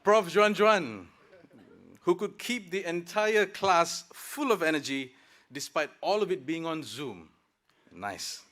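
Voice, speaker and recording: Man, student speaker, thirties, podium speech, formal with light jokes, forceful tone. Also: on the high side, expressive, slow pace. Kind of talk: prepared convocation speech. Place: graduation ceremony.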